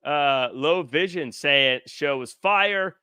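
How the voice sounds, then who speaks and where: A man's voice: fairly high pitch, slow pace, pushed and bright, clear, resonant tone, dry recording, clean studio sound. A man hosting a podcast in casual chat, joking and reading viewer comments aloud into a headset mic. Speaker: podcast host.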